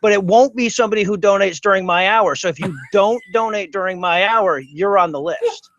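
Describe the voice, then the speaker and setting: A man as a podcast guest, joking deadpan through comedic chat. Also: sits high, a little fast, lo-fi sound, a little hiss or hum.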